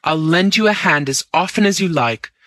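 A man voicing an excitable, overwrought young male sidekick in an audiobook, speaking in an agitated, raised voice. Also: fairly high pitch, takes it slowly, dry recording, voice pushed up. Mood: defiant.

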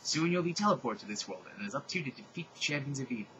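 A solemn mystical male guide, as a man acts him out, speaking low and hushed. He draws out each grave pronouncement calmly. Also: very fast, highs cut off, slight background noise.

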